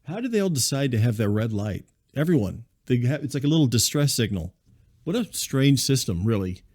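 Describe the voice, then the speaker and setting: A man hosting a comedy podcast, telling a rambling story in a deadpan, conversational way. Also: mid-range voice, a little fast, dry recording, studio quality. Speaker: podcast host and narrator. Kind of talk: comedic monologue.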